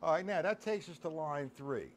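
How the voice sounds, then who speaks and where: A man's voice: a little high, moderate pace, slight background noise. A middle-aged man giving a casual live-streamed drum lesson, counting beats aloud and talking to his chat. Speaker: drum teacher. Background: drum kit playing.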